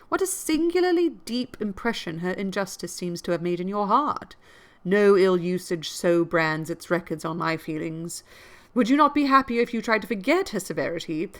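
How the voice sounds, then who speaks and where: A woman reading as a calm, pious schoolgirl. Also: mid-range voice, close to an everyday voice. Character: gentle pious orphan schoolgirl, calm and resigned.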